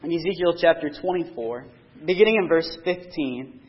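A man's voice: a little high, normal speed. A man preaching a sermon, reading scripture aloud and explaining it earnestly, pressing harder on key points. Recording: dull lo-fi recording.

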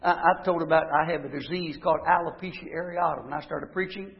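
A man's voice: fairly high pitch, fast, vocal fry. A man preaching a sermon, telling stories and rising to emphatic declarations. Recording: dull lo-fi recording.

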